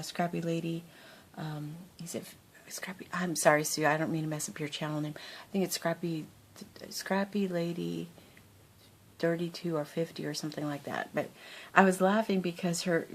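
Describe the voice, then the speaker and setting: A woman's voice: fairly low pitch, creaky, slight background noise. A woman chatting casually to her camera as a crafting vlogger, rambling and laughing often.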